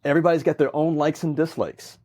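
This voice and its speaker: A guest speaker with a fast, fairly high male voice tells stories in casual conversation. He's animated and acts out the lines he quotes with energy.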